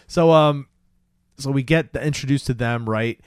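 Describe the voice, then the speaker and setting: A man's voice: mid-range voice, normal speed, clean tone, no room sound, studio quality. A man co-hosting a podcast, casually retelling a film scene by scene, often asking "right?". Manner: animated retelling, acts out quotes, says "right?" and "dude". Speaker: podcast co-host.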